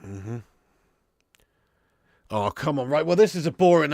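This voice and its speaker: This man's fairly high, animated voice moves unhurriedly, with long pauses, in studio-quality audio free of room sound. Slightly ill and snotty, he hosts a live football watch-along, chatting, reading the chat aloud and laughing often with viewers.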